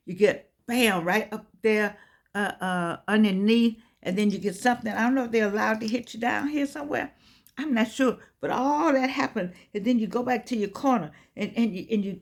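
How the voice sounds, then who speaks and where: A woman in her eighties giving an inspirational talk in an earnest, preaching cadence, full of repeated words and restarts. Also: mid-range voice. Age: 80s. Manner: repetitive, many stammered restarts. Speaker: motivational speaker.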